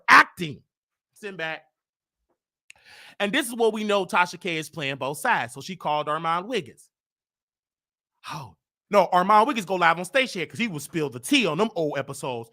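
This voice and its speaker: A man hosting his own show, telling gossip in a casual, animated way, emphatic and full of repeated words. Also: sits high, moderate pace. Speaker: host.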